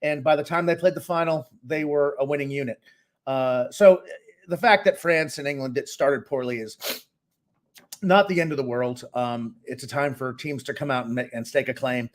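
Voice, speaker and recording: A middle-aged man from Boston, co-hosting a casual sports podcast and giving opinionated, animated takes. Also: mid-range voice, moderate pace, slight background noise. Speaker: co-host and sports analyst.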